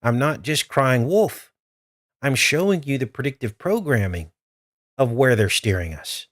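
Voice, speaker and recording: Man, live-stream host, urgent, earnest, mid-pitched, dry close sound. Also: big pitch swings, measured pace, dry recording. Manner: urgent, earnest, talks straight to viewers. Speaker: livestream host.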